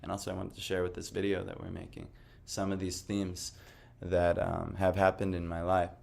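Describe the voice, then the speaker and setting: Man, lowish voice, casual testimony talk, rambling, many fillers, self-amused. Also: monotone, moderate pace, gravelly, a little mellow. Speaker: devotional speaker.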